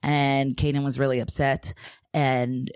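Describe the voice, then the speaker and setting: Low-voiced mom telling a story. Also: female voice, little pitch movement, a little slow, darkish tone, clean tone, no echo, clean studio sound. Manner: candid, emotional storytelling. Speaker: podcast co-host. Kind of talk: casual chat.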